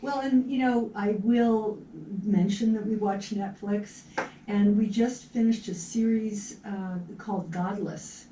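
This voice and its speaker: A woman's voice: medium pitch, steady tone, slow, warm tone. Chatty woman in an echoey room. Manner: chatty, laughs easily, trails off mid-sentence. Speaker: movie talk show co-host. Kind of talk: casual chat about movies. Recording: echoey room, far from the mic, faint background noise.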